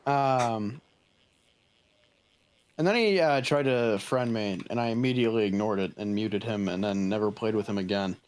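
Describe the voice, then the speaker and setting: A man's voice: lowish voice, normal speed, clean tone. A young man co-hosting a casual gaming podcast, telling stories with heavy swearing. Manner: profane, animated storytelling. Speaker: podcast co-host.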